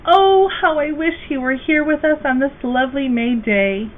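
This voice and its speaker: A woman voicing a sad, hopeful mother donkey who speaks softly and wistfully in a storybook read-aloud. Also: sits high, moderate pace, pitched above the performer's own voice, close to an everyday voice. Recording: tinny phone-like, faint hiss.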